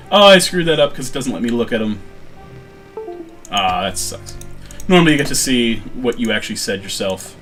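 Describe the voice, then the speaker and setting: A man's voice: mid-range voice, fairly bright tone. Man casually commenting on a retro game. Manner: reads on-screen text aloud and adds quick joking asides, with many fillers. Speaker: let's-play host.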